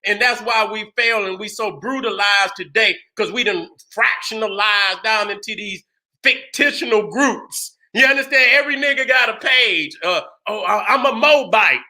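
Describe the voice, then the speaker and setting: A man hosting his own channel, delivering an impassioned, profane commentary monologue, often rising to shouts and repeatedly asking if you understand. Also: high voice, moderate pace. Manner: keeps asking "you understand what I'm saying". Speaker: channel host.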